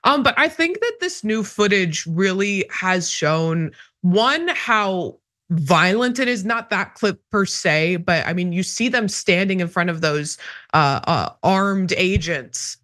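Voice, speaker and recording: Casting: bright-voiced woman, emphatic and sarcastic political pundit. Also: mid-range voice, expressive, slow pace. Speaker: guest commentator. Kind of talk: political commentary.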